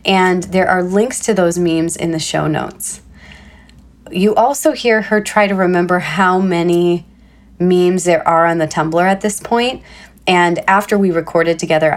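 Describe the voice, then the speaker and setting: A woman hosting a podcast, introducing a guest and chatting in a relaxed way with fillers. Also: lowish voice. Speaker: podcast host. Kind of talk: conversational interview.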